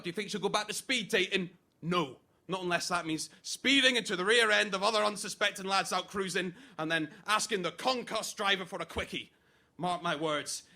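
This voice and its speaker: A man's voice: high-pitched, bright, forceful tone, slight background noise. A jealous, crude best man. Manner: crude, mocking, jealous rant. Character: jealous, crude young male best man giving a wedding toast. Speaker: best man giving a wedding speech. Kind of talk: comic stage monologue.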